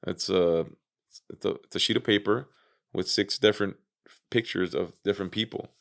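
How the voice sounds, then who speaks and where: A gravelly, low-voiced man, a guest in a casual storytelling interview, tells his story at a moderate pace. He retells it animatedly, acting out quotes, swearing, and using frequent fillers.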